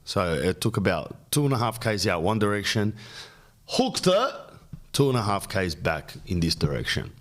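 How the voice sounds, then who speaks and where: A middle-aged man with an Australian accent, hosting a podcast and telling a long, rambling story full of jokes and quick lists. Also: lowish voice, big pitch swings, a bit bright. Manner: rambling, jokey, riffs on lists. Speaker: podcast host. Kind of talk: casual storytelling monologue.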